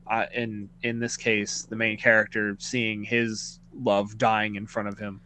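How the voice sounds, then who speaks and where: A man's voice: lowish voice, flat delivery, a little slow, sharp tone. A man co-hosting a podcast, chatting casually and agreeing often. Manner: agreeable, lots of yeahs. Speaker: podcast co-host. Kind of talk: casual review chat.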